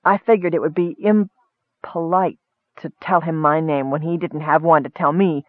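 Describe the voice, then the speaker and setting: A man's voice: a little high, moderate pace, no echo, close to an everyday voice. A man voicing an eager, chattering kender. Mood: excited. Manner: excitable, rambling, naive. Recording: tinny phone-like sound.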